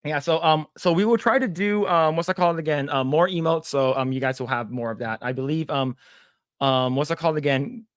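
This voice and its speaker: A man's voice: a little high, brisk, clear, resonant tone, no room sound, studio quality. A man co-hosting a casual livestream, stammering and repeating words as he reads the chat aloud. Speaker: podcast co-host.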